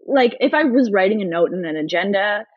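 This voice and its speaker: A woman's voice: mid-range voice, expressive, no room sound. A woman chats freely as an interview guest, her words tumbling out with plenty of "like" fillers. The recording is dry and close, with a dull, lo-fi tone. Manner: chatty, fast-flowing, many "like" fillers. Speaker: interviewee, former education student. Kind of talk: casual chat.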